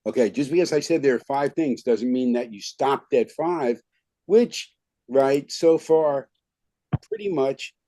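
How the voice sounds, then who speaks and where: Over a video call, a man leads an online skills class in a relaxed way, often saying "okay" and "right." He has a medium-pitched, warm voice and a measured pace. The recording is dry.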